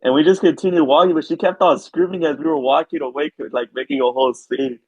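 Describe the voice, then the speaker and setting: A man's voice: on the high side, fast, husky, dry recording. A young man, a podcast co-host, telling a rambling, filler-heavy story in casual chat. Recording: dull lo-fi sound.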